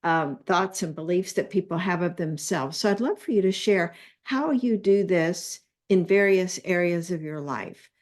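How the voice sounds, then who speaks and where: Low-voiced woman podcast host. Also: measured pace, hardly any pauses. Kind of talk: interview question.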